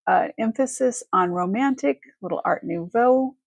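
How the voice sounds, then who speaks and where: A woman's voice: a little high, normal speed, gravelly, breathy edge, no room sound. A woman hosting a casual live-stream, chatty and effusive as she thanks viewers and shows jewelry. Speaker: livestream jewelry seller.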